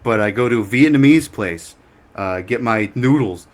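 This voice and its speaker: A man's voice: medium pitch, lively intonation, normal speed. A man co-hosting a podcast, telling rambling anecdotes in casual chat and laughing often. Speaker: podcast co-host.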